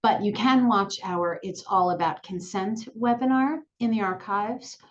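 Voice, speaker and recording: A woman sexuality educator speaking calmly and clearly to the camera, repeating her key points. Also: medium pitch, unhurried, lo-fi sound. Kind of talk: direct-to-camera lesson. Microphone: looking into camera, on-camera mic.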